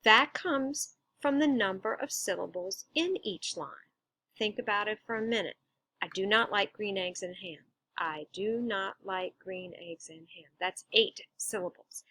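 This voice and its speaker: A woman's voice: mid-range voice, fairly bright tone, no echo. A woman teacher patiently explaining a lesson, stressing syllables as she goes. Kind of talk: recorded instructional lesson.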